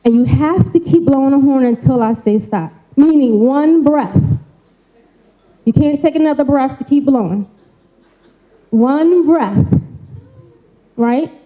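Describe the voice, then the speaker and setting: A woman's voice: high voice, animated, slow pace, pauses often, narrow, tinny audio. A woman giving an interactive live talk, coaxing the crowd with casual call-and-response and frequent "right?" tags. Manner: colloquial, folksy phrasing. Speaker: speaker giving a talk on mental health. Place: event stage before a live audience.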